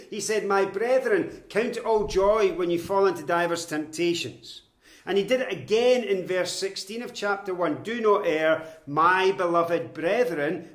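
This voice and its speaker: A man preaching, teaching verse by verse, measured and emphatic, slowing down to stress quoted Scripture. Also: on the high side, echoey room. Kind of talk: expository Bible teaching.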